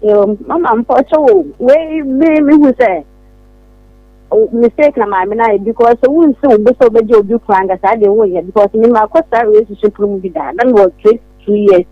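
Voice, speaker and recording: A woman's voice: on the high side, normal speed, no room sound. A woman calling in to a radio show, earnestly telling of her own experience. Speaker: caller. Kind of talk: phone-in personal story. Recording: muffled phone line.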